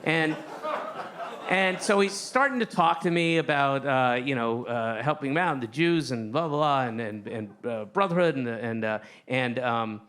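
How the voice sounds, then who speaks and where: On a stage before a laughing audience, a male stand-up comedian tells a rambling, self-mocking story packed with swearing. His mid-range voice is expressive and fairly bright at a moderate pace, captured in a live stage recording with audience noise.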